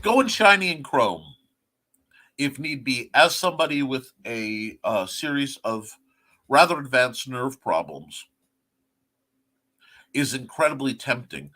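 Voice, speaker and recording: Rambling bright-voiced male host. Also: mid-range voice, sing-song, takes it slowly, pauses often. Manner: rambling, filler-heavy, many restarts. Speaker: talk show host. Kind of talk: casual livestream chat.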